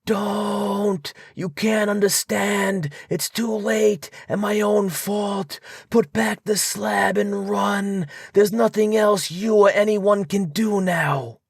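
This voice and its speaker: A man's voice: medium pitch, animated, takes it slowly, no echo, clean studio sound, pitched above the performer's own voice. A man voicing a young man trapped underground, frantic and pleading, then sadly resigned.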